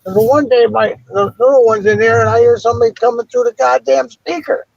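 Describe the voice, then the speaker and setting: Middle-aged man, gravelly, husky, swearing, high lively voice, lo-fi phone in car. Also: brisk, no room sound. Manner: gruff, swearing, storytelling. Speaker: livestream host. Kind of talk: casual chat while driving.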